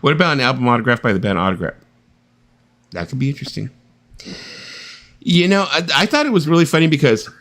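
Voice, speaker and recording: A man's voice: mid-range voice, a bit bright. A man hosting a late-night live stream, chatting casually in a joking, rambling way. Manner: joking, rambling, laughs often. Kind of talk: casual chat.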